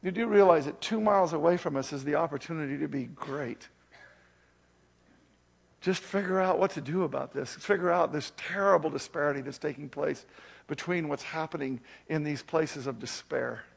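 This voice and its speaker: A man's voice: fairly high pitch, moderate pace, gravelly. A male pastor delivering an earnest, urgent sermon and then leading a prayer.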